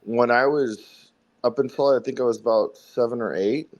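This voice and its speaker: A man from South Carolina with a faint Southern accent, telling the story behind his song in a relaxed, rambling way during a casual interview. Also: medium pitch, moderate pace, highs cut off. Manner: rambling, friendly storytelling with fillers. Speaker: songwriter guest.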